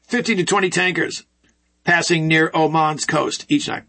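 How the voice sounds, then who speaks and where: A man's voice: on the high side, fairly even intonation, normal speed, sharp tone. A man hosting casual political commentary, folksy and rambling with sarcastic asides.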